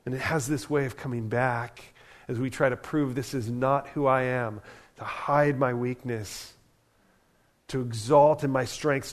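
A man, a pastor, preaching a sermon in a conversational, animated way, often asking "right?" as he talks. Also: mid-range voice.

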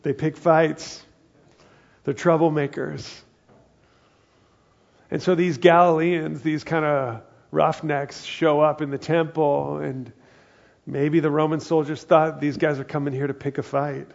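A man's voice: on the high side, little pitch movement, a little slow, gravelly, muffled recording. A male pastor giving a conversational sermon, slipping into quoted voices as he tells a passage.

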